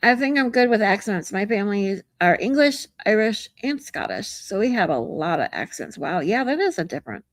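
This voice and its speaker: A woman's voice: medium pitch, sing-song, normal speed, few pauses, no echo. A woman hosting a livestream in casual chat, reading viewer comments and greeting them in a frank, chatty way that is peppered with swearing. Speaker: livestream host.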